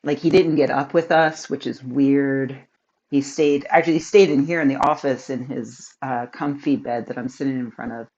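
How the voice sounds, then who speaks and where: A woman's voice: extremely low pitch, steady tone, normal speed, a little mellow, dull audio. A woman in her thirties telling a personal story in a home office, chatty and rambling, with many fillers and laughs. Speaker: vlogger. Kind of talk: casual storytelling to camera.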